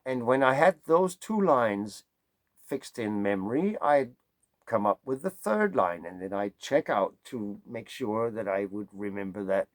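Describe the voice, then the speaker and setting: A man's voice: on the low side, lively intonation, unhurried, dry recording. A man from Denmark with a Danish accent, a songwriter musing in a rambling, digressive way and playing with vowel sounds. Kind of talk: casual musing monologue.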